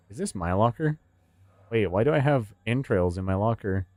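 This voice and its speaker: Guy streaming a horror game, talks loose and animated, swears a lot, laughs, dry close mic. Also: on the low side, normal speed, no echo. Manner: animated, swearing, laughs often, jumps into voices. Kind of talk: casual gaming stream chat.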